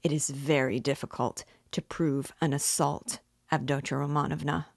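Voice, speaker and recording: A woman reading aloud as an obsessive, menacing male nobleman, slow and quietly intense. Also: deep voice, flat delivery, vocal fry, no echo, studio quality. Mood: cold, mocking. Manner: slow, quietly intense pleading turning coldly mocking. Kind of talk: audiobook reading.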